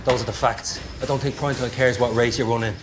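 An actor playing a sardonic boxing coach. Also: male voice, medium pitch, fairly even intonation, quick pace, natural voice. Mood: lecturing. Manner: dry, lecturing, erupts into shouting. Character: gruff middle-aged male boxing coach, sardonic. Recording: film audio with score underneath.

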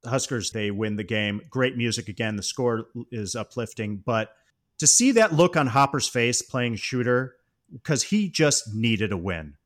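A man on a podcast casually discussing a film, recounting scenes in an animated way and often laughing as he talks. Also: medium pitch, measured pace. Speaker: podcast co-host.

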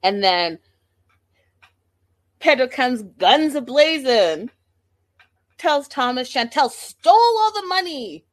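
Woman, sassy, lively recap host, speaking to camera. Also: high voice, slow pace, long pauses. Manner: sassy, animated, talks straight to viewers. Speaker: reality TV recap vlogger. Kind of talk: casual recap commentary.

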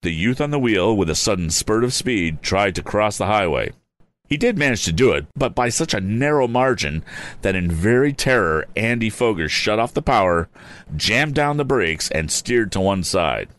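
Low-voiced man reading an old storybook. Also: lively intonation, normal speed, a bit bright. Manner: chatty, adds wry asides. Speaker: reader. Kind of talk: casual storybook read-aloud.

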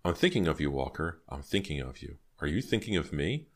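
A man reading aloud voices an eager, polite teenage girl who is quick to apologize. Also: rumbling low, sing-song, husky, heavily acted. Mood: earnest.

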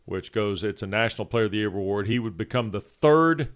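A man co-hosting sports radio, reading off award facts in a brisk way with dry humor. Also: on the low side, lively intonation, clear, resonant tone. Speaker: radio co-host.

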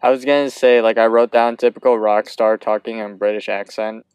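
A young man co-hosting a podcast, chatting in an easygoing, halting way with many restarts. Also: on the low side, fairly even intonation, darkish tone, clear, resonant tone, dry recording. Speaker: podcast co-host. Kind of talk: casual episode recap chat.

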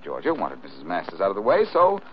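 An actor playing a cool, wisecracking detective in 1940s radio acting style. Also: male voice, low voice, wildly swooping pitch, quick pace. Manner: dry, teasing wisecracks. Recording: dull old radio broadcast with faint hiss.

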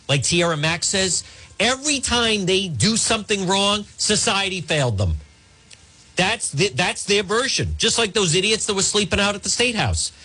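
A man's voice: high-pitched, pushed and bright, husky. A man hosting a talk radio show, ranting in an emphatic, repetitive, sarcastic manner.

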